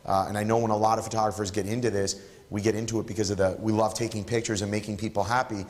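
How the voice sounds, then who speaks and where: A man's voice: lowish voice, little pitch movement, rapid-fire, darkish tone, big-room sound. A man leading a photography workshop, encouraging and playful with an emphatic way of talking. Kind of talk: live workshop teaching.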